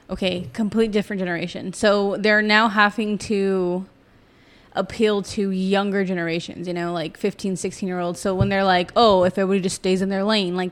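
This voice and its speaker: A woman co-hosting a casual podcast movie review, talking in a teasing, chatty way with many restarts. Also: mid-range voice. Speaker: podcast co-host.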